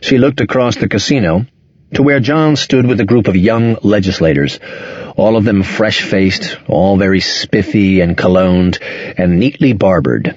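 A man narrating a novel in a measured, expressive storytelling manner. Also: fairly low pitch, dry recording, highs cut off. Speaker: audiobook narrator. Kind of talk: scripted narration.

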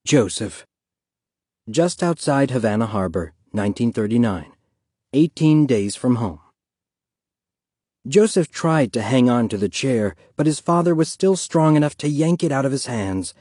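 A man narrating an audiobook in a measured, steady reading. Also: mid-range voice, no room sound, studio quality. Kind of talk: scripted narration.

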